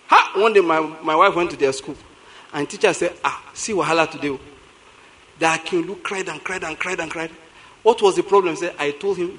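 High-voiced Nigerian man preaching. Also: fairly quick, pauses often, low-quality recording. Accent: Nigerian English. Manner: animated storytelling, breaks into laughter, repeats for emphasis. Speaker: pastor. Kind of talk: sermon.

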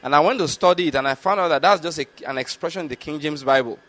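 A man delivers a Bible teaching sermon in a voice pitched a little high for a man. He reads verses slowly and deliberately, then explains them. He keeps asking his listeners whether they are following the point. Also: fairly bright tone. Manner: checks in with listeners with repeated questions. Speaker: preacher.

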